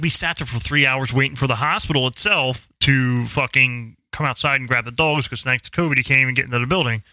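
A man talks casually and rambles, swearing freely and doubling back on his words. His voice sits a little high and sounds very bright. The recording is dry and close. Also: no echo. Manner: rambling, swears a lot, restarts often. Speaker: podcast co-host. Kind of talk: casual profane chat.

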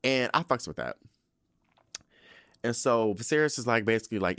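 A man hosting a podcast, recapping a TV episode in an animated, profane, sassy storytelling way. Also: medium pitch, fairly quick, no echo, studio quality. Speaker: podcast host.

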